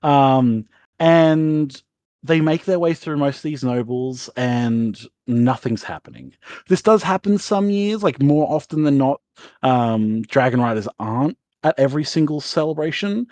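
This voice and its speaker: Game master, male, mid-pitched, loose rambling narration on a dry close mic. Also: darkish tone, dry recording. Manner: rambling, filler-heavy, laughs often.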